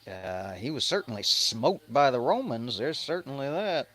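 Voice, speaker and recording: A man's voice: mid-range voice, very animated, normal speed, fairly bright tone. A man hosting a casual livestream commentary, sardonic and profane, mocking as he talks. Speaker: host.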